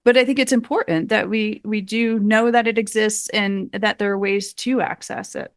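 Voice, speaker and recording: A woman's voice: mid-range voice, steady tone, moderate pace, dry recording, clean studio sound. A woman hosting a podcast interview, asking thoughtful questions and affirming her guest. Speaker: podcast host. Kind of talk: interview conversation.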